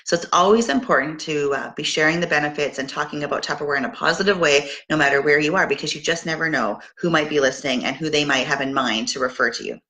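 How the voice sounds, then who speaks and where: Middle-aged Canadian woman, sales team leader, low voice with a bright edge, upbeat and full of fillers. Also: fast talker, few pauses. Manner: upbeat coaching, many fillers and restarts. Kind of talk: casual motivational talk.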